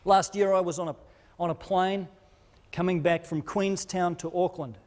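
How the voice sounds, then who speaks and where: A man's voice: high-pitched, steady tone, moderate pace, a little mellow. A man preaching a sermon as pastor, in a conversational, informal way with frequent repeated words. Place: church auditorium.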